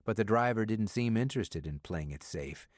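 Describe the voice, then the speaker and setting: A male audiobook narrator reading a thriller at a steady, measured pace. His voice sits on the low side. The sound is dry and close, with no room around it. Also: no room sound.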